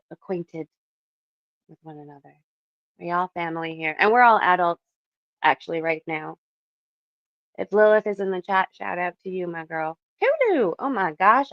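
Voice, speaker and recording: A woman's voice: lowish voice, gravelly, no echo, muffled recording. A young woman from Canada chatting casually and animatedly with her livestream viewers from her bedroom, laughing often. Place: home bedroom.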